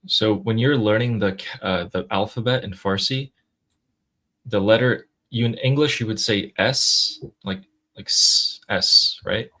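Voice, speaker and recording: American guy on a stream, kinda low voice, laid-back and a bit wry. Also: measured pace, pushed and bright. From United States. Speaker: livestream co-host. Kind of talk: casual livestream chat.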